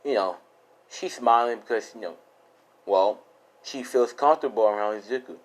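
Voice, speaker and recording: A man's voice: fairly low pitch, moderate pace, rough recording. Young guy making up a fan story on the fly, rambly, loose, swears a lot. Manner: rambling, loose and casual with lots of fillers and swearing. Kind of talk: improvised fan-fiction storytelling.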